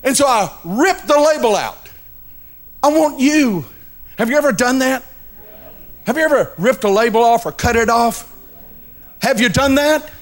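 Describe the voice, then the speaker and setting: A man's voice: extremely high pitch, lively intonation, measured pace, long pauses. A male pastor preaching a sermon, telling a story dramatically and addressing the congregation directly.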